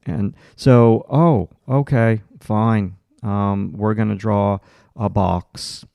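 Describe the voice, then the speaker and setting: Male drawing instructor, livestream, running commentary, clean resonant voice with some fry, dry close mic. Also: lowish voice, steady tone, extremely slow, warm tone, no echo. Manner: talks through each stroke in short, encouraging bursts. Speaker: art instructor. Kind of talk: livestream drawing lesson, thinking aloud while sketching.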